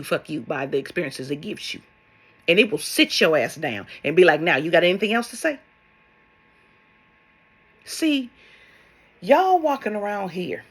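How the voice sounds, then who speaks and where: Blunt, husky-voiced woman love coach. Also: on the low side, fairly bright tone. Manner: blunt, sassy, swears, fires rhetorical questions. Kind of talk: preachy vlog monologue.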